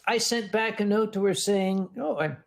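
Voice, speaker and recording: Casting: man, high-pitched, wry convention chair spinning dry anecdotes. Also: steady tone, normal speed, vocal fry, poor audio. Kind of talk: casual panel talk.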